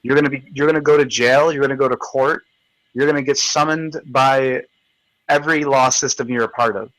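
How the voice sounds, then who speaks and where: A man's voice: mid-range voice, fairly even intonation, fairly quick, a bit bright, no echo, rough recording. A man hosting a live video chat, ranting in a combative, profane, taunting way. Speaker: livestream host.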